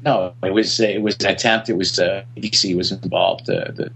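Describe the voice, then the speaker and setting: A man being interviewed about his past work, reminiscing slowly with frequent pauses and fillers. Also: sits low, fairly even intonation, vocal fry, a bit bright, a little hiss or hum. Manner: hesitant, many fillers. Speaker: guest, film director.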